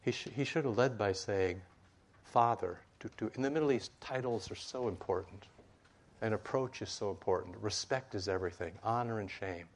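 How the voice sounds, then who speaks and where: A man's voice: on the low side, fairly quick. A man preaching a sermon in a conversational way, with asides and rhetorical questions, in a meeting room with a board.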